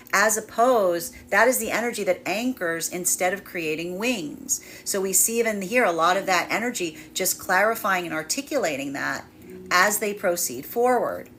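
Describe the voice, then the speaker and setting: A woman's voice: lowish voice, sharp tone, a little hiss or hum. A woman tarot reader giving a livestreamed collective reading, speaking in flowing, repetitive, emphatic phrases.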